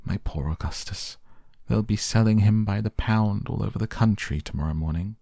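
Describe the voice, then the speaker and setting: A man voicing a shrill, furious middle-aged mother who shrieks in indignation. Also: normal speed, vocal fry, mellow, no echo, studio quality.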